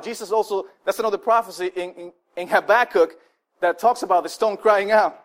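A man's voice: sits high, brisk. A man preaching a sermon in a conversational way, full of fillers and restarts, acting out the people he quotes. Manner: animated, acts out the people he quotes. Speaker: pastor.

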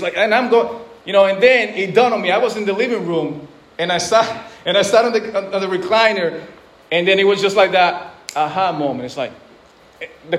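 Earnest male pastor, high voice, preaching with restarts and repeated words. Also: normal speed, fairly bright tone. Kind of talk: sermon.

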